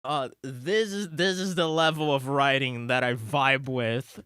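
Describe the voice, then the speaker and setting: An excitable game streamer giving live-stream commentary, thinking aloud, swearing and laughing between words. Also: medium pitch, measured pace, clean tone, no room sound, clean studio sound.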